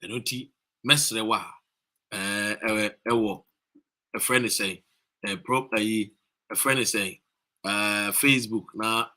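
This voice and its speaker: A Ghanaian man livestreaming from a street demonstration, rousing viewers with repeated calls and shout-outs. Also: fairly low pitch, steady tone, slow, pauses often. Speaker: activist streaming a demonstration. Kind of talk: live-streamed rally talk.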